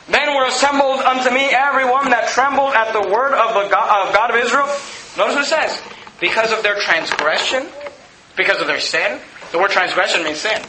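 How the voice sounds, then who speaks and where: A man's voice: sits high, echoey room, noisy background. A man preaching a sermon as pastor of his church, impassioned and repeating phrases as he builds his points.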